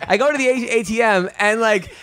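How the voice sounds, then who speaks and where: Fast-talking high-voiced man telling a story. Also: a bit bright, clean tone. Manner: rapid, profane, rambling with frequent "right?". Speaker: comedian host telling a story. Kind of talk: casual podcast storytelling. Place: studio.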